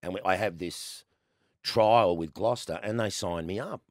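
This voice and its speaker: An Australian man in his sixties, a guest telling lively stories in a casual chat, laughing often. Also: low-pitched, moderate pace, no room sound, clean studio sound. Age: 60s. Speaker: guest, former cricketer.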